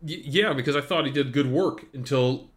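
A man's voice: mid-range voice, normal speed. Rambling, blunt male podcast co-host. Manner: blunt, rambling, jokey, full of fillers and restarts. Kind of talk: casual football chat.

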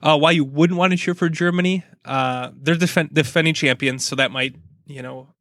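A man's voice: a little high, steady tone, normal speed, fairly bright tone, no room sound, clean studio sound. A man hosting a casual soccer preview, easygoing and joking while breaking down teams. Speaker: sports podcast host.

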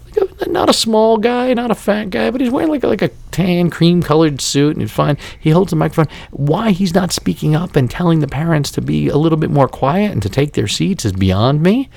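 A man in his forties hosts a podcast and rants in a casual, heavily profane, exasperated way. His voice is gravelly with a lot of vocal fry. He sits close to the mic in a dry room with no echo. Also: a little high, animated, fairly quick, few pauses, a little mellow. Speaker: podcast host.

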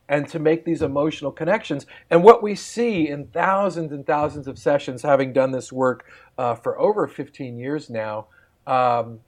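A man guiding listeners through a poem line by line over a remote call, laughing easily as he talks. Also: on the high side. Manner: slow rhythmic line-by-line recitation, laughs easily. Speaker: poet demonstrating poetry sessions. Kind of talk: warm guided demonstration.

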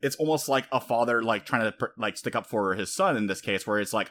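A man with a somewhat low voice talks through a story in a loose, rambling way. He keeps drifting into quoted lines as he retells scenes, and the whole thing sounds like a relaxed podcast chat between friends. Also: a little fast. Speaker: podcast co-host. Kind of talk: casual anime discussion.

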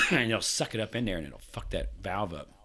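A man's voice: on the low side, expressive, normal speed, bright, forceful tone. A man co-hosting a podcast, telling a rambling, profane story in casual chat with frequent laughs. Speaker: podcast co-host.

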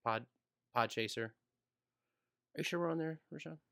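A man's voice: a little high, normal speed, creaky, a bit bright. A man hosting a podcast, chatting loosely and joking through the sign-off. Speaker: podcast host. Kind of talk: casual podcast chat and outro.

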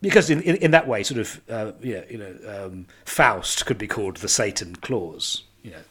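A man's voice: lowish voice, expressive, moderate pace, crowd noise. A man co-hosting a casual film podcast, dry and sardonic, swearing and riffing on wordplay. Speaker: podcast co-host. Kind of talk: casual film-discussion chat.

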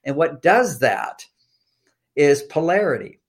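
A man's voice: a little high, takes it slowly. A man who is a guest in a conversational interview, teaching through personal anecdotes and acting out remembered dialogue, often repeating his first words as he starts a sentence. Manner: animated storyteller who acts out quoted dialogue. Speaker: relationship author and podcast guest.

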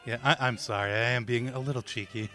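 A man playing a haughty English king, pompous lofty phrasing, bright forceful voice, faint music. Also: medium pitch, steady tone, fast, natural voice.

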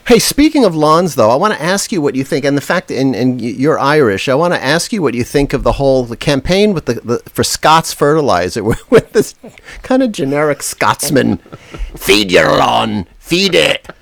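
A man co-hosting a comedy podcast, setting up jokes in a wry way and stammering when he gets excited. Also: mid-range voice, brisk, no echo. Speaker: podcast co-host. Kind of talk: comedic casual chat.

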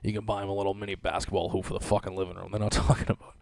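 A man's voice: deep voice, flat delivery, very fast, vocal fry, darkish tone, no room sound. Profane laughing man ranting. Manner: profane, laughing, sarcastic rant. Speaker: podcast host. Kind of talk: casual podcast monologue.

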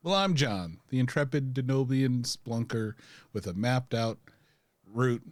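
Lively, dry-voiced male podcast co-host. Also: mid-range voice, a little slow, dry recording. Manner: playful, mock-lofty wording. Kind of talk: casual chat and mock-grand show intro.

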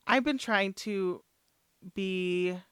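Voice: mid-range voice, smooth, no room sound. A podcast co-host chatting casually, supportive and agreeable, murmuring assent as the other talks. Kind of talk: casual chat.

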